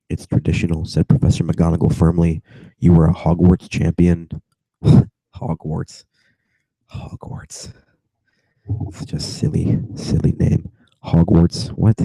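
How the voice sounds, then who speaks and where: A young man getting over a cold reads a novel aloud to strangers on video chat, his low voice gravelly and dark. He reads flatly, wanders off into giggling asides and comes back to the page. The sound is dry and close on a laptop mic. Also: a little slow, no echo, poor audio. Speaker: reader.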